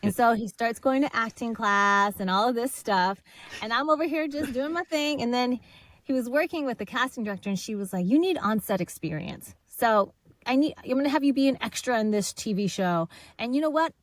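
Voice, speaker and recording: Speaking briskly in a slightly high voice, a woman guest on a podcast tells her story in a casual, animated way. She acts out the people she quotes and laughs often.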